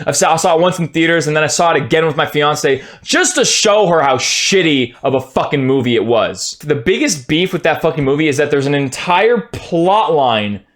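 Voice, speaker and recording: A man streamer ranting his opinion in a casual, profane, heated way, at times breaking into shouts. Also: on the high side.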